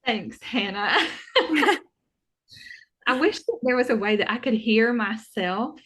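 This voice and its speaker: A woman's voice: fairly high pitch, lively intonation, slow, a bit bright. A woman with a Southern American accent hosting her planner channel, chatting upbeat and giggly while shopping online with a friend. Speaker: planner vlogger, channel host. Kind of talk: casual online shopping chat.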